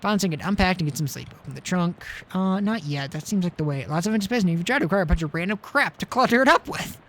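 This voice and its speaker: A man's voice: high-pitched, expressive, quick pace, a bit bright. A man streaming a video game, giving casual commentary with wry joking asides.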